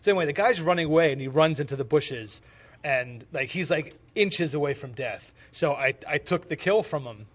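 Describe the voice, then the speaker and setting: A man's voice: fairly high pitch, animated, normal speed. A young man from the United States co-hosting a podcast, chatting casually and rambling with lots of fillers and repeated words. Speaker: podcast co-host. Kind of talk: casual chat.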